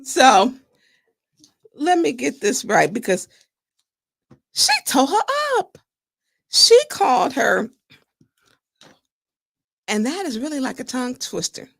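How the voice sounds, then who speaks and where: Animated woman host, lively pitch. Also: slow, gravelly, long pauses, slightly rough, no room sound, clean studio sound. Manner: animated, laughing, indignant. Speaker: show host. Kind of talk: commentary on a political clip.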